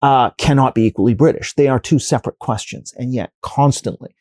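A professor with a mellow, unhurried, mid-range voice gives a long interview answer, recorded close and dry with no echo or room sound. He explains by building arguments out of examples and hypotheticals, reasoning aloud. While working out his next point he often stops and restarts sentences and uses fillers.

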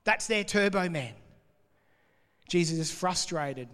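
A man preaching a sermon, explaining scripture in a conversational, animated way. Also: high-pitched, slow pace, clear, resonant tone, long reverb tail. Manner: conversational and animated, laughing between points.

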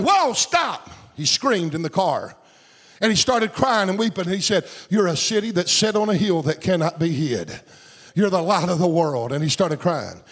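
Male pastor, high voice, fervent revival sermon with shouted peaks and a sing-song lilt.

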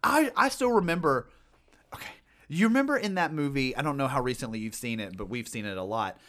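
A man's voice: mid-range voice, brisk. A man co-hosting a casual podcast chat, telling stories animatedly about scary films. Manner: animated storyteller, lots of fillers and restarts. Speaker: podcast co-host.

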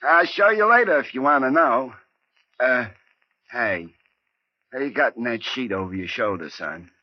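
A man's voice: medium pitch, lively intonation, moderate pace, lightly acted. An actor playing a chummy, streetwise reformed male pickpocket in 1940s radio acting, on a lo-fi old broadcast. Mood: sly. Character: wisecracking reformed male pickpocket, hotel clerk.

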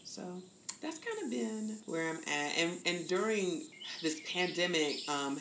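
A woman in her fifties from the American South, speaking candidly as a podcast guest and acting out the voices she quotes. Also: deep voice. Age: 50s. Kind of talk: reflective conversation. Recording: echoey room with faint noise.

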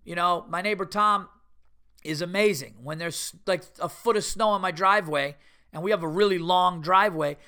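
Man, middle-aged, podcast host, swears a lot, animated storytelling, slightly high voice, bright. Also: clear, resonant tone. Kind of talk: casual solo podcast monologue.

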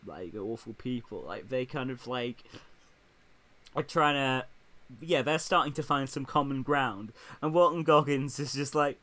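A man's voice: medium pitch, a little slow, sharp tone. A man chatting casually about a TV show, laughing often as he talks. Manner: laughs often, acts out quotes.

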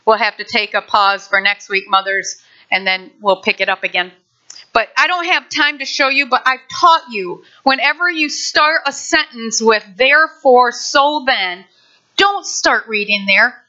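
Woman pastor preaching, bright voice, kinda high, chatty and playful, dull lo-fi sound. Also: unhurried. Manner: lively, conversational preaching with playful asides. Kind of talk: sermon. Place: church sanctuary.

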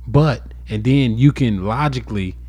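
Animated, playful man in casual chat. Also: lowish voice, normal speed, no room sound. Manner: animated, playful, acts out quoted lines. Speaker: podcast co-host; father of boys.

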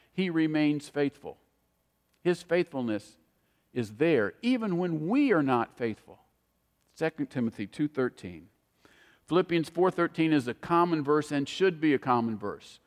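A woman preacher giving a sermon, quoting scripture with emphatic, animated rises and falls in her voice. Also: sits low, normal speed. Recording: long hall reverb.

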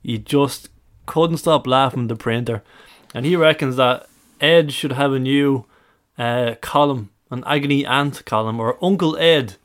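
A man's voice: medium pitch, unhurried, a bit bright. A man co-hosting a podcast, chatty and storytelling with dry humor. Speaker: podcast co-host. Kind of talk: casual chat.

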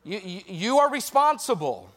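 A man preaching a sermon to a youth group, lively and jokey with quick asides, speaking straight to the young listeners. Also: high voice. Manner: directly addresses young listeners.

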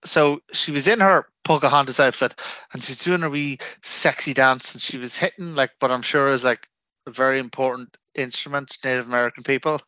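Irish male podcast co-host, bright voice, cheeky and animated, dry close mic. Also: medium pitch, brisk, dry recording. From Ireland. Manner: animated, crude joking. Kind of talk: casual chat.

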